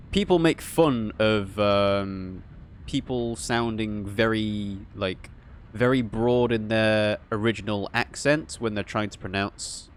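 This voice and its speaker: A man's voice: lowish voice, smooth. A man hosting a let's play, giving casual gameplay commentary full of musing, rambling asides.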